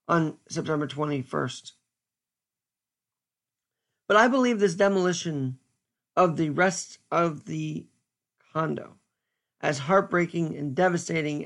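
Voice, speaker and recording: Guy doing a solo commentary, gravelly and kinda high, stern and earnest. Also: a bit bright. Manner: earnest, stern, deliberate with pauses. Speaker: podcast host.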